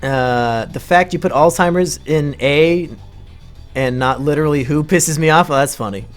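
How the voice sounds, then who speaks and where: A man live-streaming with crude, sarcastic commentary, now and then breaking into shouting rants. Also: a little high, moderate pace, faint music behind. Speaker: streamer ranking mental illnesses.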